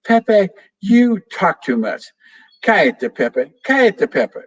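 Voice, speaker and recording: A man voicing an easily annoyed little girl who shouts shrilly. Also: sits high, big pitch swings, slow pace, slightly rough, far from the mic, pitched above the performer's own voice, heavily acted, rough recording.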